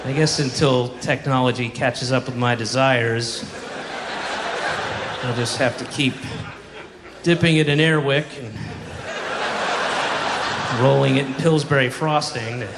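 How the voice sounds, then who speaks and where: A man's voice: medium pitch, steady tone, a little slow, long pauses. A man doing a dry, sardonic stand-up bit, recorded live on stage. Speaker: comedian. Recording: live stage recording with long hall reverb and loud audience noise.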